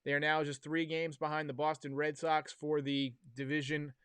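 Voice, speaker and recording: A man's voice: a little high, level tone, moderate pace, fairly bright tone, slight background noise. A man hosting a casual sports livestream, chatty, wry and opinionated as he talks to his viewers. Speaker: podcast host. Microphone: headphones and desk mic.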